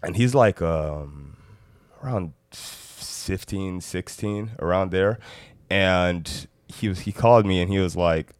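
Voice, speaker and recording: Male podcast guest from Africa, very low voice, halting storyteller with lots of "uh" and "um". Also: clear, resonant tone, dry recording. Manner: hesitant storytelling, many fillers and restarts. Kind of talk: casual chat.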